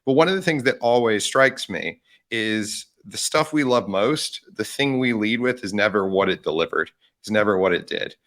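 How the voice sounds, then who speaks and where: Measured, thoughtful podcast man. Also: lowish voice, lively intonation, a bit bright. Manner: thoughtful, hedging with "I think" and restarts. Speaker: podcast co-host. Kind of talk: casual podcast chat.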